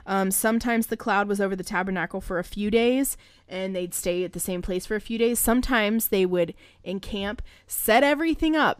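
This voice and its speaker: An irreverent woman podcast host reads scripture aloud and breaks in with crude, joking asides. Her voice sits at an ordinary middle pitch. The sound is dry and close, with no room echo. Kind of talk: casual Bible reading and commentary.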